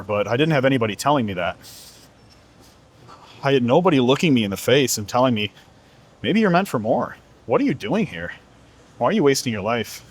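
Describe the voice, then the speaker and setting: A man who is a fitness coach giving an earnest, emphatic motivational talk, repeating rhetorical questions to the listener. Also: mid-range voice.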